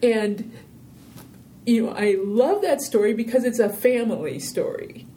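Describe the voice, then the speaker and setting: A woman with a warm, mellow voice answers interview questions in a loose, rambling way, peppering her stories with "you know". She tells them with animated energy. A faint low rumble sits behind her. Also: a little slow. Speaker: interview guest, filmmaker. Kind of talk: casual interview conversation.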